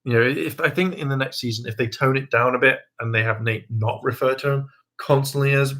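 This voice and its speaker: A young man hosting a casual livestream, talking in a hesitant, rambling way with many ums and restarts, now and then jumping into a high, mocking voice to quote people. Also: steady tone, a little fast, fairly bright tone. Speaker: livestream host.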